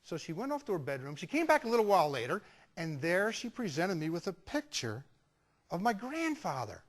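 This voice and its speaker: A man telling a personal story as a sales trainer, animated and acting out the dialogue. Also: high voice, fairly quick. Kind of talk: storytelling talk.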